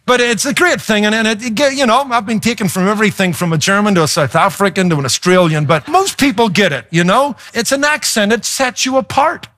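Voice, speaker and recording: A man's voice: sits high, animated, brisk, hardly any pauses, fairly bright tone, no echo, clean studio sound. A man, a pastor, preaching a sermon with emphasis, shifting pace and playful asides.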